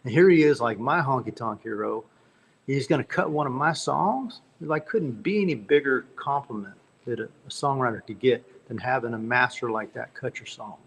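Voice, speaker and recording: Gravelly folksy country storyteller man. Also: medium pitch, lively intonation, moderate pace. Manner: folksy, rambling anecdotes with repeated restarts. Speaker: guest, country singer-songwriter. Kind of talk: storytelling interview.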